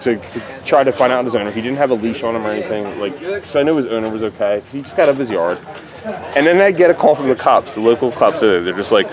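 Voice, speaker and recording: A man's voice: medium pitch, animated, fast, a crowd in the background. A man chatting backstage outdoors at a wrestling event, effusive and heavily profane. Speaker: backstage vlogger. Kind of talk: casual backstage chat.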